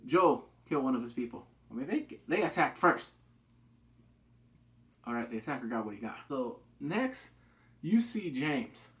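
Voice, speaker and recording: A man giving a loose, excitable episode review. His pitch swings widely as he acts out the lines he quotes, and he swears freely. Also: normal speed, pauses often. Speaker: TV show reviewer.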